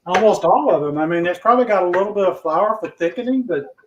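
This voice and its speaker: A man's voice: high voice, animated, quick pace, dull audio. A man co-hosting a casual cooking show, easygoing and joking with his co-host. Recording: distant mic with faint background noise.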